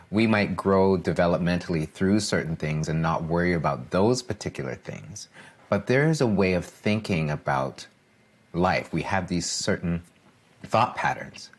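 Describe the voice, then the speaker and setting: Deep, husky-voiced man coaching earnestly. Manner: emphatic, repeats key phrases, asks "right?" for agreement. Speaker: coach and podcast guest. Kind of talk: earnest podcast discussion.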